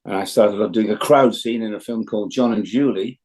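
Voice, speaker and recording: A man's voice: fairly low pitch, brisk, a little mellow, low-quality recording. A man in his seventies from Yorkshire, a veteran actor telling anecdotes as an interview guest. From England, Yorkshire. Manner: chatty anecdotal storyteller. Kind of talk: casual interview chat.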